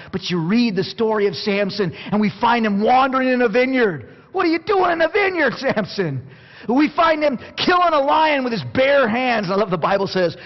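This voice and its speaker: A man preaching a sermon, passionate, going from quiet to near shouting and acting out scripture quotes. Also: sits high. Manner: plays out Bible quotes in acted voices. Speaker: pastor. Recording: dull sound with long hall reverb.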